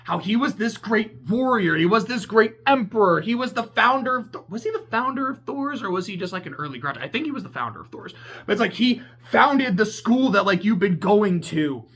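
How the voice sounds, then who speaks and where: A game reviewer ranting in a casual video essay, excitable and profane, rambling and laughing at their own tangents. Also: medium pitch, fairly quick, slightly rough. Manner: laughs mid-sentence and corrects itself.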